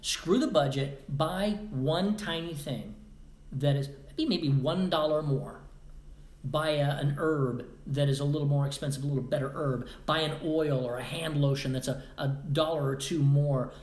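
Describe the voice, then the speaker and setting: A man's voice: fairly high pitch, moderate pace. A man hosting a podcast, giving a casual motivational monologue with rambling asides and acted-out quotes. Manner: animated, acts out quoted voices, rambling asides. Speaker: podcast host. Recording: roomy echo.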